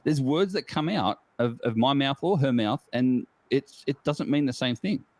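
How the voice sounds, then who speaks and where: A rambling, jokey Australian man talking in a casual online chat, laughing often between his stories. His voice sits at an ordinary middle pitch. The sound is close and dry, with no room echo. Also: animated, normal speed. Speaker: guest geocacher.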